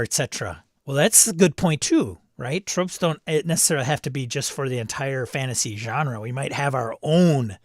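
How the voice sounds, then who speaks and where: A man's voice: mid-range voice, no room sound, clean studio sound. A man hosting a live stream, chatting casually, reading viewer comments aloud and laughing often. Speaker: livestream host reading chat. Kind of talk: casual chat.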